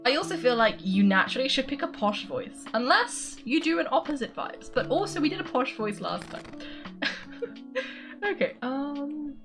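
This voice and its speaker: Giggly high-voiced woman streamer. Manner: giggly and chatty, laughs often. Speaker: gaming streamer. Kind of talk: casual game commentary.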